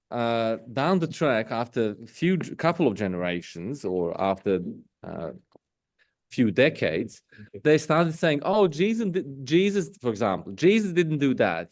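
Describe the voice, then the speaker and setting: A man with a non-native English accent leading a parish Bible study, reading scripture aloud, with many pauses, fillers and self-corrections. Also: mid-range voice. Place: parish meeting room.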